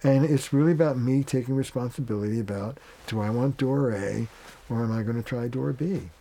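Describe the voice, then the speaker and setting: A man with a mellow, warm-toned voice talks as a family therapist being interviewed. He is plain-spoken and casual, and he slips into quoted lines of dialogue to make his points. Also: medium pitch, brisk. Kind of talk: conversational interview.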